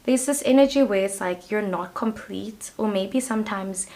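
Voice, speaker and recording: A woman's voice: mid-range voice, moderate pace, a little mellow. A young woman giving a casual pick-a-card tarot reading to the viewer, talking chattily and hesitantly with plenty of fillers. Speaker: tarot reader.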